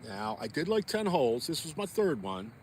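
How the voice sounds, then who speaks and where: A man's voice: fairly high pitch, sing-song, normal speed, noisy background. Chatty man vlogging out on the ice. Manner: chatty, folksy, talks to viewers. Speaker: fishing vlogger. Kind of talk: casual outdoor vlog talk. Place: outdoors on a frozen lake.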